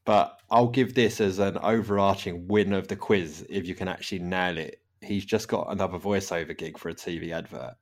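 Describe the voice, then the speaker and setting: Low-voiced man hosting a casual football podcast. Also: fairly even intonation, normal speed, few pauses. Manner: rambling, laughs often. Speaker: podcast host. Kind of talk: casual chat.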